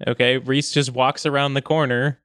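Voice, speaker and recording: A man's voice: mid-range voice, level tone, normal speed, fairly bright tone, clear, resonant tone, no echo, studio quality. A man playing a tabletop game in character, goofy and rambling, filling his speech with "like.". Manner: goofy, filler-heavy, lots of 'like'. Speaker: player.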